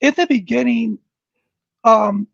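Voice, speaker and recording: A man's voice: slow pace, creaky, a bit bright, no echo. A man speaking earnestly as an interview guest, searching for words and restarting often. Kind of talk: reflective interview talk. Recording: dull muffled low-fidelity sound.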